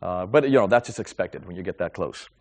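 A middle-aged man giving a talk and answering audience questions about faith, telling stories in a lively, animated way. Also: deep voice, creaky. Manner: animated, lively storytelling with quick repetitions. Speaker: Christian speaker taking audience questions. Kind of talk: lecture with audience Q&A.

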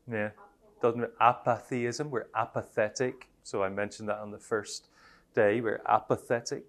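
An Irish man teaching a Christian workshop in a conversational way, often chuckling and acting out example phrasings. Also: fairly low pitch. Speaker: Christian trainer.

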